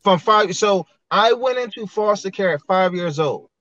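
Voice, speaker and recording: Earnest male guest, high-pitched, reflective, dull lo-fi dry sound. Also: expressive, normal speed, fairly bright tone, no echo. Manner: earnest, reflective, many restarts. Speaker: podcast guest. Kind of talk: candid personal storytelling.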